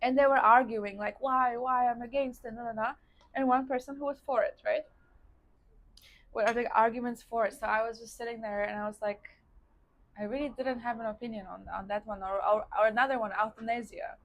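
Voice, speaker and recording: The recording cuts off the highs of this woman's somewhat high voice, which moves a little fast with fairly even intonation. She's a Polish vlogger with a Polish accent, sitting indoors and eating on camera as she chats about her life, saying "like" often and calling viewers "guys."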